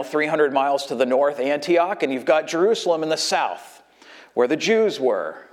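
A man preaching a sermon in a conversational way, acting out the people he quotes with jumps in his voice. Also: medium pitch.

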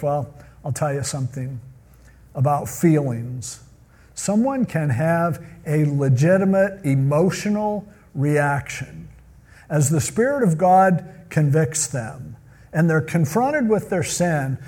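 Man preaching conversationally, mellow tone, slips into quoted voices. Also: on the high side, breathy edge. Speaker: pastor. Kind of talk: sermon.

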